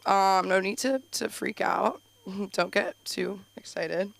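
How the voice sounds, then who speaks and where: A woman's voice: mid-range voice, slow pace, creaky, dry recording. A young woman from Los Angeles doing a rambling, self-deprecating stand-up set at an open mic, laughing at her own jokes and yelping suddenly. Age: young adult. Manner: heavy use of "like", sudden loud yelps. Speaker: stand-up comic.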